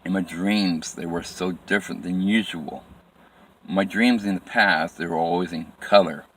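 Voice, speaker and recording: A man telling a personal story from his life in plain, halting phrases with frequent restarts and repetition. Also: sits low, fairly bright tone.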